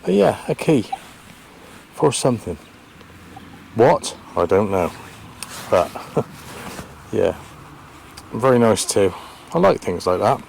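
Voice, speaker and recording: A man's voice: fairly low pitch, very animated, unhurried, vocal fry, long pauses, darkish tone, a little hiss or hum. A man vlogging his metal detecting in a farm field, thinking aloud in a hesitant, chatty way as he talks to the camera. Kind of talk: casual commentary to camera. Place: open farm field outdoors.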